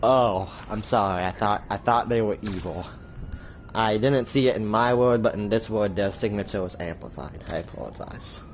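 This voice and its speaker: A man voicing a remorseful young male fighter who apologizes in a low, subdued voice. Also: moderate pace, highs cut off, a little hiss or hum, natural voice. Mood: apologetic.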